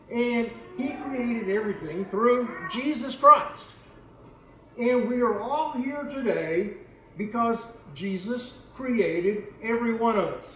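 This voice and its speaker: High-voiced preacher in an echoey hall. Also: male voice, a bit bright. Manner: repeats words, asks the congregation questions. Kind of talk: sermon. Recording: echoey room, faint background noise.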